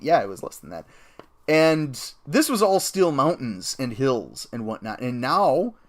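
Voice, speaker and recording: Male streamer, casual rambling game commentary, lively up-and-down delivery, keyboard typing behind. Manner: rambling and chatty, with excited jumps in pitch.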